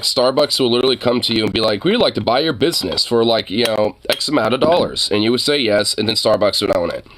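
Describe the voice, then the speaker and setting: Rambling young male streamer, low voice. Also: background noise. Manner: rambling, many fillers, swears casually. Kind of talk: casual livestream chat.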